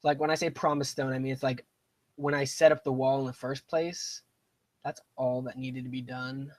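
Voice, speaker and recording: Streaming a strategy game, a young man talks casually at a moderate pace in a mid-range voice with little pitch movement. He digresses into side stories and talks himself through his moves. There's no echo, though the recording is rough.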